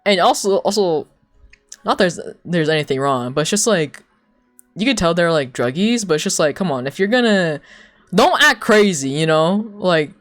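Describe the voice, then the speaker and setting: A young adult livestreamer telling a long story to chat in a loose, casual way, full of "like", swearing and laughter, with quoted people acted out in sudden jumps of pitch. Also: lively intonation, normal speed, soft background music. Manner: rambling, heavy use of "like", swears, laughs between lines.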